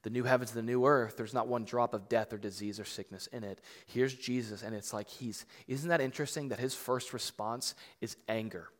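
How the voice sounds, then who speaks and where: Conversational preacher in a reverberant hall. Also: male voice, medium pitch, fairly even intonation, fairly quick, hardly any pauses. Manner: conversational preaching, filler-heavy and emphatic. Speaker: pastor. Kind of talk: sermon.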